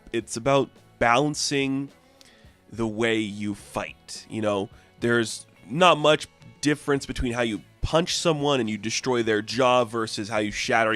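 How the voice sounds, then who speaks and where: A man's voice: medium pitch, a bit bright. A man giving a casual, enthusiastic spoken review of a comic book, with lots of filler words.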